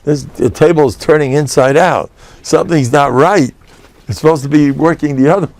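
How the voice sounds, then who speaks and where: An older man, a rabbi, telling a chatty, animated story in a lecture, dropping in Yiddish and Hebrew words. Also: a little high, normal speed, dry recording. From United States. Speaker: rabbi giving a class.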